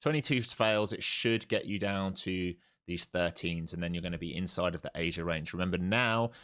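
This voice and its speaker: A man's voice: sits low, normal speed, a bit bright. Man calling trades on a live stream. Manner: jokey, repetitive, urging. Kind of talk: live trading commentary.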